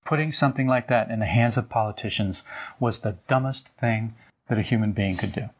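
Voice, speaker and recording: An older man giving an informal spiritual talk as a teacher, telling stories and acting out quotes with his voice jumping higher. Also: brisk, breathy edge. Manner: animated storytelling, acts out quotes with rising pitch. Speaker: esoteric teacher. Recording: dull lo-fi recording.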